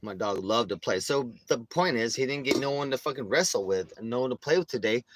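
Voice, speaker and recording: A man's voice: mid-range voice, lively intonation, fairly quick, background noise. Rambling, foul-mouthed young man vlogging. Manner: rambling, profane storytelling. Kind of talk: casual vlog chat. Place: outdoors on a city street with his dog.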